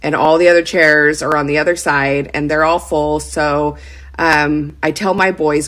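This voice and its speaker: A woman in her thirties tells a story straight to camera in a loose, chatty way. Her voice sits a little low for a woman, and she fills the telling with "like" and small asides. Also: fairly even intonation, a little slow, fairly bright tone. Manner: chatty, heavy use of "like" fillers. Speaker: lifestyle vlogger. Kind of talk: casual storytelling.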